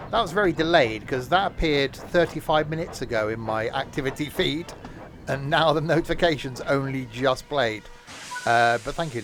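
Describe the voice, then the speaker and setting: A man's voice: on the high side, fairly bright tone, slight background noise. A man chatting casually while live-streaming a train game, with joking asides.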